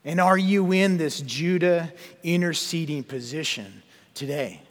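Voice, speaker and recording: A man's voice: a little high, unhurried, big-room sound. A man preaching a sermon and reading scripture aloud, often repeating words and putting questions to his listeners. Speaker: pastor.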